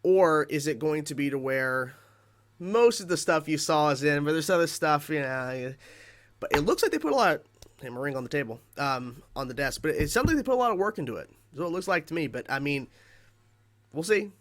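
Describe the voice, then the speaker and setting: A man's voice: fairly high pitch, animated, fairly quick, fairly bright tone. A man giving casual reaction commentary on a game trailer, musing aloud with many fillers and open questions, a little tired. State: tired, voice cracking. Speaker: gaming reaction youtuber.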